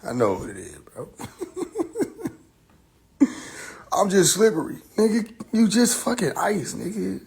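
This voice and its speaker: A man hosting a casual live stream, riffing loudly with profanity and frequent laughter. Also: sits high, wildly swooping pitch, slow, gravelly, long pauses. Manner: loud joking rant, heavy profanity, laughing often. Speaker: livestream host. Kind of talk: casual livestream chat.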